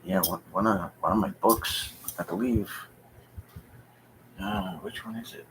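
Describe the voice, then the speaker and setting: Deep-voiced man rambling on a live stream. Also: measured pace, noisy background. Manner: rambling, hesitant, thinking aloud with many fillers. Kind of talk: casual live-stream chat. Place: home basement.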